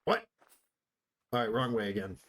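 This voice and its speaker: Husky-voiced male game streamer. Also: fairly low pitch, normal speed, a bit bright. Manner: chatty, talks to chat while building. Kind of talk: casual live-stream gameplay commentary.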